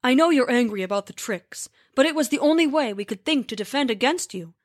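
Woman doing a giant man, calm, explaining, storybook, higher voice. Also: brisk, dry recording, clean studio sound. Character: huge cheerful male giant.

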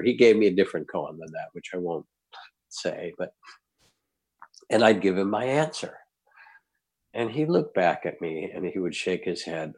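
A man, a podcast guest, telling a lively anecdotal story in conversation. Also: low voice, normal speed.

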